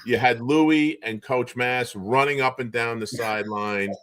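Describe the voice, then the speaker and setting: A man from the New Bedford, Massachusetts area, telling stories as an interview guest, animated and chuckling, with frequent restarts. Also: mid-range voice, unhurried. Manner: animated storyteller, chuckles often, trails off in restarts. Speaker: guest, former basketball player and show co-host. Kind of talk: casual storytelling interview.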